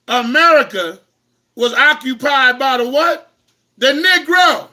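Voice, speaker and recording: Fiery high-voiced man shouting at viewers. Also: slow. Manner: impassioned, repetitive, bursts into shouting. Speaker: host of an online talk. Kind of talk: fiery preaching-style lecture to online viewers.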